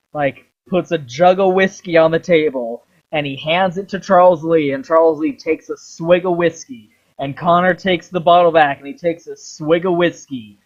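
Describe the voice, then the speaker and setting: A man retelling a game story in a long, animated ramble full of swearing, on a dull lo-fi recording. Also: on the high side. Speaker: video creator.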